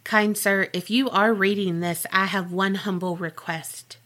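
A woman voicing a despairing old male school janitor writing a farewell letter, read slowly and gravely in a hushed voice. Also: mid-range voice, steady tone. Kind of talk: scripted narration.

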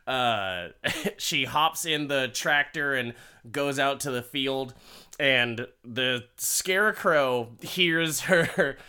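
A man recaps a crude story for laughs, breaking into chuckles and cursing freely. His voice is bright and forceful. He talks slowly and drifts into rambling asides. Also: mid-range voice, clear, resonant tone. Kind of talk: casual comedic story recap.

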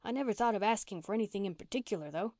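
A woman voicing a rough-spoken runaway orphan girl who talks in blunt, folksy country slang, read for a storybook. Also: mid-range voice, animated, racing, a little mellow, no room sound, studio quality, close to an everyday voice.

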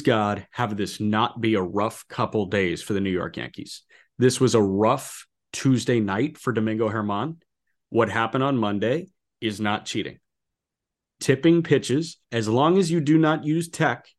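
A man co-hosting a casual sports podcast, talking fast and loose with incredulous outbursts and plenty of fillers. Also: mid-range voice. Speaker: podcast co-host. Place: apartment.

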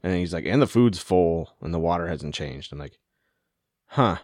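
A man's voice: low voice, expressive, normal speed, darkish tone, no room sound, clean studio sound. A man co-hosting a podcast, telling stories in a laid-back, casual way and laughing often. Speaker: podcast co-host. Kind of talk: casual chat.

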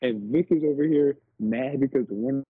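A man co-hosting a wrestling podcast, telling the story with lively disbelief in casual chat. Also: medium pitch, normal speed, breathy edge, no echo. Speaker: podcast co-host. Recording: dull lo-fi sound.

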